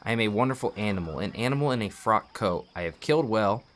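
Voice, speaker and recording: A man's voice: lowish voice, expressive, fast talker, fairly bright tone, slight background noise. A man reading aloud the lines of a proud, tormented nobleman who is world-weary and bitter, in an earnest, dramatic delivery.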